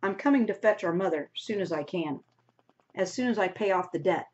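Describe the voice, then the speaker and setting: A woman's voice: on the low side, expressive, fairly quick, darkish tone, lightly acted. A woman reading aloud voices an anxious, determined teenage farm girl who asks urgent, pleading questions. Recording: dull lo-fi recording.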